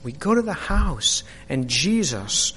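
Man, high voice, unhurried, dramatic first-person storytelling, long hall echo. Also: husky. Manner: animated storytelling, hushed to shouting.

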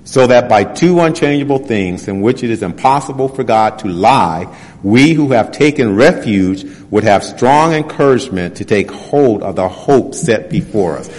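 A man preaching a sermon. He reads scripture passages slowly and presses his points with rhetorical questions. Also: medium pitch, lively intonation, darkish tone. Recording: long hall reverb.

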